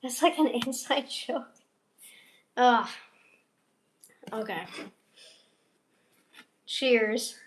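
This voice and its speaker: A young woman with a high voice chats on a casual livestream. She rambles and mutters to herself while she cooks and eats, swearing offhand. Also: drawn-out words, long pauses, reverberant, recorded from a distance, noisy background. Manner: rambling, talks to herself while cooking and eating. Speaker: streamer.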